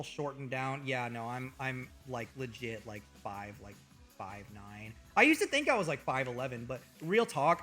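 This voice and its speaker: A young man streaming live, chatting casually in a rambling, excitable way with a lot of swearing. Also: mid-range voice.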